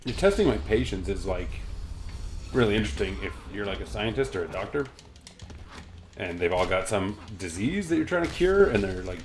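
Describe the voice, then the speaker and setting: A man's voice: lowish voice, animated, moderate pace, a little hiss or hum. A man casually chatting and rambling about comics while reacting aloud to the video game he is playing. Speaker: gaming channel host.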